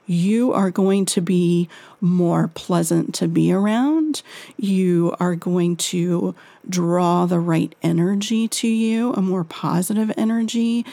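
Slow, gravelly-voiced woman giving parenting advice. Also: fairly low pitch, no echo. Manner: gentle, reassuring, encouraging. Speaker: parenting author and advisor.

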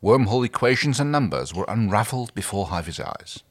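A man narrating fan fiction on a podcast, with a lowish voice that swings very widely in pitch. He reads steadily and answers his co-host with short agreeing words. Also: big pitch swings, fairly quick. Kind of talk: reading fan fiction aloud.

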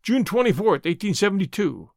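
A bold young outlaw answers calmly and quick-wittedly, played by a male audiobook narrator. His delivery is steady and unruffled, with a dry, close sound and a lively rise and fall in pitch. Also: gravelly, dry recording, full character voice. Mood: cool. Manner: calm, quick-witted replies. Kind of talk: audiobook character reading.

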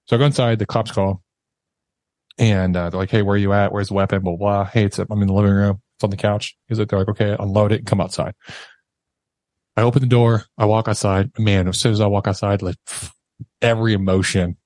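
Low-voiced man telling a raw story. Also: little pitch movement, fast talker, darkish tone, no echo. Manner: emotional, acts out quoted voices, laughs nervously. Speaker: podcast guest. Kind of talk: candid personal storytelling.

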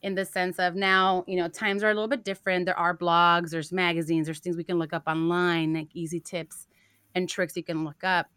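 A woman's voice: on the low side, flat delivery, fairly quick, fairly bright tone, clean tone, dry recording, studio quality. A young adult woman from a Mexican-American family, co-hosting a parenting podcast and telling stories in casual chat, slipping in Spanish phrases. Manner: chatty storytelling, mixing in Spanish phrases. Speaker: podcast co-host.

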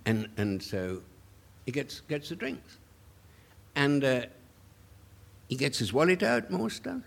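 A man's voice: mid-range voice, very animated, a little slow, vocal fry, long pauses. An older man tells stories at a public Q&A. He keeps stumbling over and repeating his words, with little chuckling asides. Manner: stammering repetitions, chuckling asides. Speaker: author guest at a public Q&A. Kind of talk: anecdotal storytelling.

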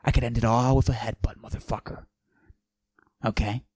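A man playing a boastful macho character, pushing his voice low and husky and often dropping to a whisper while he brags deadpan. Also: normal speed, no room sound, natural voice. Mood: swaggering. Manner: boastful, deadpan absurd bragging. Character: cocky macho man with a forced deep voice. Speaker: podcast host. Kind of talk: comic character monologue.

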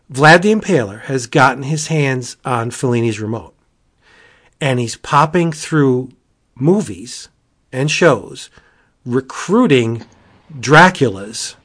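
Man, comic reviewer, casual chat, gushing and excitable, mid-range voice. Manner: gushing, excitable, jumps to high exclamations.

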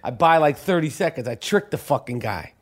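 A New man with a high-pitched voice hosts a podcast, talking in a brash, profane way. His casual chat swings into loud, rapid rants. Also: sing-song. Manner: profane, rapid ranting with shouted tirades. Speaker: podcast host.

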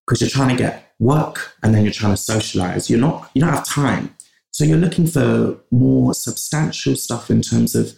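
An English man with a gravelly, mid-range voice that's a little mellow speaks as a podcast guest in a conversational interview. He's passionate, talking in long runs with restarts, and the recording has a roomy echo.

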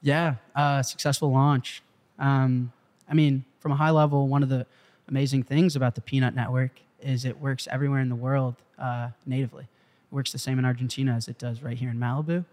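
A young man, a startup founder being interviewed, telling a story in an animated way and swearing freely. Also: medium pitch, a little fast. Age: young adult. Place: studio in Malibu.

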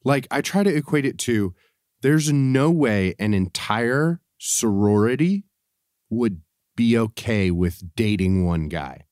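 A man's voice: mid-range voice, expressive, slow, a little mellow, no room sound, clean studio sound. A man co-hosting a podcast in casual chat, laid-back but arguing his point and swearing. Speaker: podcast co-host.

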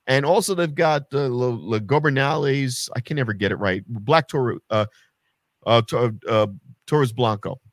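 A man casually chatting about wrestling as a podcast co-host, animated and sarcastic, swearing freely. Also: mid-range voice, normal speed, dry recording, studio quality.

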